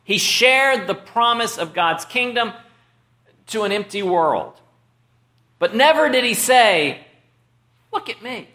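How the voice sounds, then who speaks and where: A man preaching a sermon as pastor, slow and measured with dramatic pauses. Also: sits high, lively intonation, pushed and bright, reverberant.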